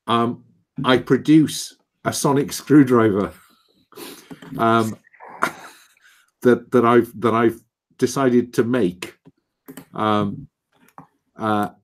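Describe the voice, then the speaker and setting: Man, tabletop player, mid-pitched, rambling, halting. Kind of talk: casual tabletop play.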